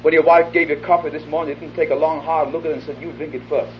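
Man preaching a sermon in a hall, a bit high-pitched, muffled old lo-fi tape with some hiss. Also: level tone, fast. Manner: earnest, acts out little dialogues, drops to an intimate hush for the appeal. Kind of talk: evangelistic sermon. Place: hall before a live audience. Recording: dull lo-fi archive tape with faint hiss.

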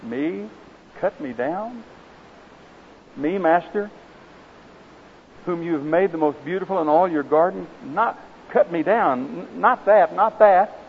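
A man voicing a humble, devoted male bamboo tree that speaks softly and tremblingly. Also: medium pitch, moderate pace, gravelly, lightly acted. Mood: pleading. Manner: soft, hushed and trembling. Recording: slightly dull with faint hiss.

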